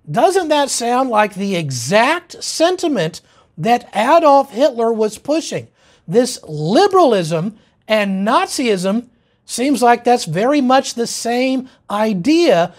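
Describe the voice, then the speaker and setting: A man presenting a political lecture in an emphatic, insistent way. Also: very high-pitched.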